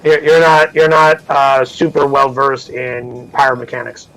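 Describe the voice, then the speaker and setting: A man's voice: mid-range voice, little pitch movement, a little slow, a bit bright, rough recording. Casual swearing game master, man. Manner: casual, swears freely, acts out crew voices. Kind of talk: narrating a tabletop game.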